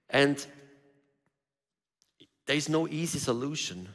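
Animated high-voiced preacher man in a hall. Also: unhurried. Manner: animated, conversational preaching with rhetorical questions and voiced quotes. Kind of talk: sermon. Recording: reverberant hall.

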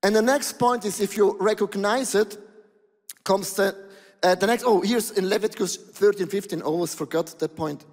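A male pastor preaching a sermon in an animated, exclaiming way, with non-native phrasing, in a large church hall. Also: high voice, moderate pace. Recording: long hall reverb.

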